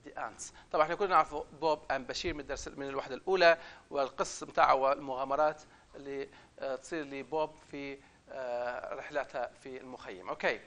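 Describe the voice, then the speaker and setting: A man's voice: mid-range voice, racing, a bit bright. A man teaching an English lesson, reading a story aloud and patiently repeating and explaining words. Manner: reads the story aloud with emphatic, raised delivery.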